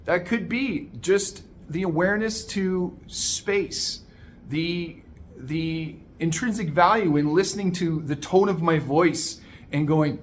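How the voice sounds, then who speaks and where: Male life coach, high-ish voice, punchy motivational delivery, faint background noise. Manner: energetic, emphatic, addresses listener as "my man". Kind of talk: motivational monologue.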